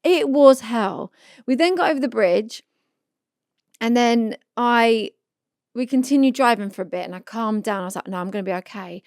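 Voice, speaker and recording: A woman in her thirties, a podcast co-host, chatting casually and telling a story with animated reenactment. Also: fairly high pitch, normal speed, dry recording, clean studio sound. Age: 30s.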